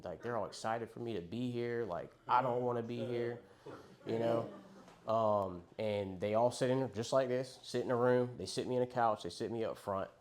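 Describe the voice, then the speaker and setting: Frank young man, low voice. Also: steady tone, normal speed, a little mellow. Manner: frank, rambling, profane, quotes others in his story. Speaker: recovery speaker sharing his story. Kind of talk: candid recovery testimony.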